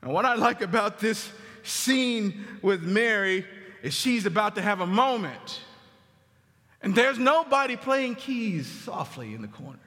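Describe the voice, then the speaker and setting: A man preaching a sermon in a church sanctuary in a conversational style, repeating phrases for emphasis and dropping to a soft murmur on tender lines. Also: high-pitched, lively intonation, unhurried. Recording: long hall reverb.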